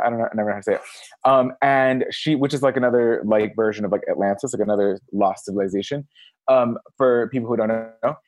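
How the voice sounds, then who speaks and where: A man guest on a podcast, chatting casually and telling stories with big acted-out quotes that jump high. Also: no echo. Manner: animated storyteller, acts out quotes in big high voices. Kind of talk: casual chat. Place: Los Angeles area.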